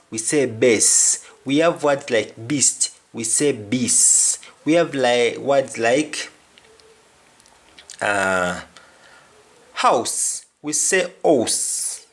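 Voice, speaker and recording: A man teaching a language lesson, repeating each word several times as he explains it. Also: mid-range voice. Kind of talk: spoken lesson on patois phrases.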